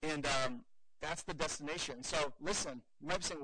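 A man teaching evangelism in an earnest, animated way, telling stories and acting out the dialogue. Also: a little high, moderate pace, vocal fry, slight background noise, rough recording. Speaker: evangelism trainer.

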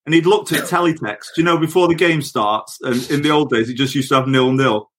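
A middle-aged man, once a footballer, tells anecdotes on a podcast in a brisk, medium-pitched, fairly bright voice, with slight background noise. He's chatty and laughs his way through the stories.

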